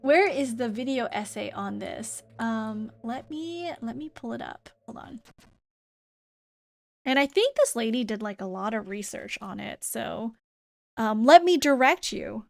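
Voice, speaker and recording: A woman's voice: a little high, animated, unhurried, gravelly, no echo. A woman streamer with a light New Zealand tinge to her American speech, chatting casually and rambling with many fillers while reading and answering chat. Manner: rambling, lots of "like" and "um".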